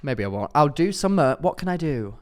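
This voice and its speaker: A young man co-hosting a podcast in excitable, jokey casual chat. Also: a little high. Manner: excitable, jokey, quick to exclaim. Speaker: podcast co-host.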